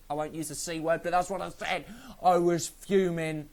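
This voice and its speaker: An excitable man rambles through a wrestling show review in a fairly high voice, cursing casually as he talks. His delivery is loose and unscripted, tumbling from one thought to the next. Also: moderate pace. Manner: excitable, rambling, swears freely.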